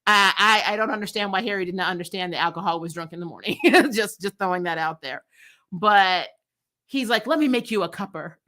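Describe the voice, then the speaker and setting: Her voice is lowish, bright and forceful, and she talks fairly quickly as she reviews a TV episode with spoilers. The vlogger keeps it frank and chatty, often laughing and cursing liberally.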